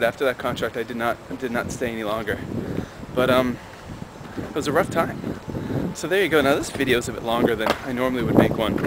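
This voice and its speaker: Young man telling a story over traffic noise. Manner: animated, acts out dialogue with raised pitch. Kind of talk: casual storytelling.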